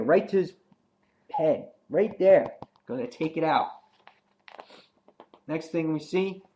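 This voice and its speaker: A man's voice: medium pitch, darkish tone, rough recording. Casual rambling male comic reviewer. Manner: rambling, with many fillers and restarts.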